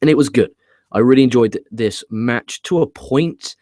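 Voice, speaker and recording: A man's voice: medium pitch, normal speed, darkish tone, dry recording, studio quality. A man giving a casual wrestling show review, chatty, with casual swearing and frequent restarts. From England.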